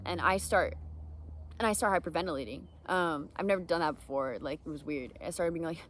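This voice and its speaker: Young woman, lower voice, casual and filler-heavy, speaking about her own experience to advise others. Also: fairly bright tone, a little hiss or hum. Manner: rambling, full of "um" and "like" fillers. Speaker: speaker training others to help students. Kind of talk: candid personal story with advice.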